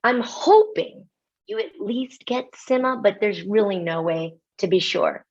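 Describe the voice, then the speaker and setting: American woman doing a webinar keynote, animated and joking at herself, kinda dull lo-fi audio. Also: medium pitch. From United States. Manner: animated, self-mocking, quick asides with laughs. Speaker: keynote speaker. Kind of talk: lively webinar talk.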